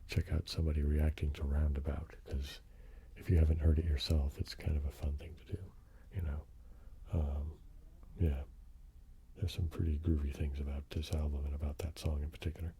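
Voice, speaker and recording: A soft-spoken ASMR man with an extremely deep voice and a very dark, mellow tone. He drifts in and out of whispers and reads lists slowly, rambling gently as he goes. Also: husky. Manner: relaxed, rambling, slowly reading track lists. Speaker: ASMR host.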